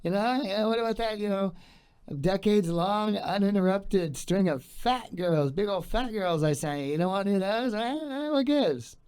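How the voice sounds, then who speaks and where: A wisecracking God with a comedian's nasal, high voice, as a man puts it on. He stammers, needles and mocks, and the voice keeps leaping upward in pitch. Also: animated, a little mellow, clean tone. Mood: mocking. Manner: nasal, halting, mocking delivery.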